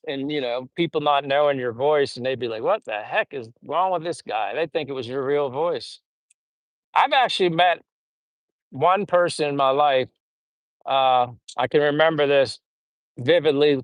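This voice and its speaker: On a laid-back stream from his Philippine home, a middle-aged man reads out the live chat and wanders through funny stories from the past. He has a mid-range voice, and the recording is rough with no room sound.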